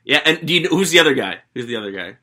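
Bright, lively-voiced man joking around. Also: mid-range voice. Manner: joking, quick asides. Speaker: podcast co-host. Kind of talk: casual movie chat.

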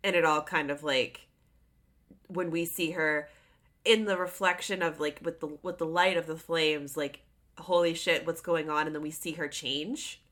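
A woman's voice: low-pitched, steady tone, normal speed, a bit bright. A woman co-hosting a podcast, chatting animatedly with lots of "like". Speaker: podcast co-host. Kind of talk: casual chat.

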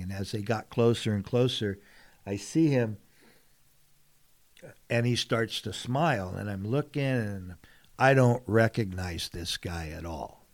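A middle-aged man from San Diego telling candid personal stories in conversation, earnest and emphatic, dropping to a hush and then rising loud. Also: fairly low pitch, measured pace, no echo. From San Diego, California. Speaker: guest, fisherman and TV personality.

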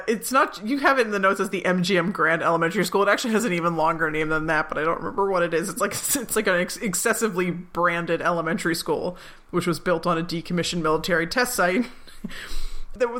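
A woman co-hosting a podcast, chatting casually as she recaps a TV episode, with many asides and quick laughs. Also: fairly low pitch, bright, forceful tone. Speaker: podcast co-host.

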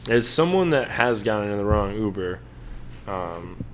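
A man's voice: fairly low pitch, lively intonation, unhurried, slight background noise. A young adult man co-hosting a casual sports podcast, rambling and joking as he talks straight to his listeners. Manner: rambling, jokey, talks to the audience as folks. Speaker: podcast co-host.

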